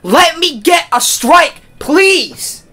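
A young man playing a motion-controlled bowling game and commenting at his desk at home, excitable and often breaking into screams and shouts. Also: very high voice, drawn-out words, faint music behind. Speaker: gaming video creator. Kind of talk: excitable let's-play commentary. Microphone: desk mic, camera off.

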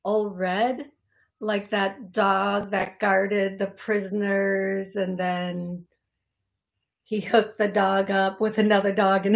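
Slow, chatty woman radio host. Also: medium pitch, fairly even intonation, creaky. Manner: rambling, laughs often, self-deprecating. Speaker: psychic medium radio host. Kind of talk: casual radio call-in talk. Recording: radio studio broadcast.

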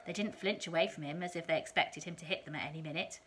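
Calm woman with a lowish voice reading a story aloud to children. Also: fast, slightly rough.

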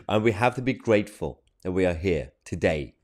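A man's voice: low-pitched, expressive, moderate pace, darkish tone. A man giving opinionated online commentary on a TV debate, mocking and exasperated, laughing between his points. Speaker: political commentator reacting to a TV clip.

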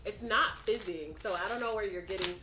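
A young American woman chatting casually while taste-testing snacks, asking quick questions. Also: medium pitch, echoey room, noisy background. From United States. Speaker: co-host.

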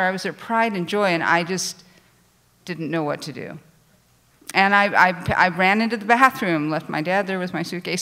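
Woman, live stage storyteller, bright voice, animated, self-deprecating. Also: medium pitch, normal speed. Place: theater stage before a live audience.

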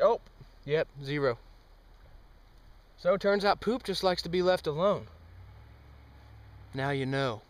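A young man giving a deadpan, mock-serious comic monologue outdoors, with sudden loud outbursts. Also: a little high, distant mic. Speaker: amateur experimenter. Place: outdoors on a trail.

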